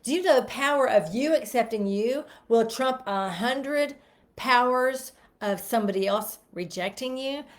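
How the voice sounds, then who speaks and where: Woman motivational speaker, self-help talk, slow measured delivery, fairly high voice, emphatic repetition. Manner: emphatic, repeats phrases and leads spoken affirmations.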